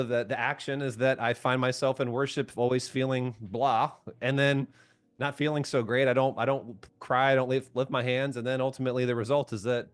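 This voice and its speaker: A man leading a group call as a coach, chatting casually, asking his listeners questions and laughing often. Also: mid-range voice. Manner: chatty, asks the audience questions, laughs often, keeps saying "right?"; reads out and answers viewers' comments by name.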